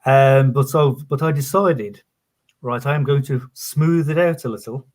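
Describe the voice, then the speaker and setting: A man from England with a Birmingham accent smoothed toward southern English, talking casually as a guest with hesitant restarts. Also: mid-range voice, a little slow, darkish tone. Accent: Birmingham accent softened toward southern English. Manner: hesitant, many restarts, self-deprecating. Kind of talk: casual conversation.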